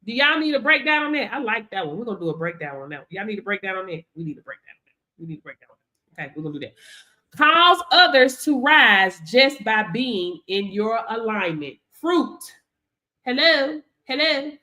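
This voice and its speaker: A woman, teaching faith on a livestream in an animated, preachy way and talking straight to her viewers. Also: a little high, fairly quick.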